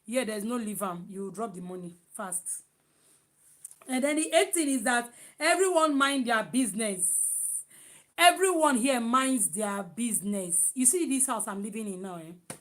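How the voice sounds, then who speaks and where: A woman from Nigeria with a Nigerian accent, chatting casually in a vlog, loud and emphatic, with many restarts. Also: on the high side, expressive, unhurried. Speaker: vlogger.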